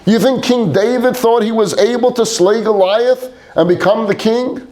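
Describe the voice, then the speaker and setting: A man's voice: sits low, normal speed, vocal fry, mellow, voice pushed down. A man doing a fiery, wounded father. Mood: impassioned. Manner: impassioned rhetorical questioning.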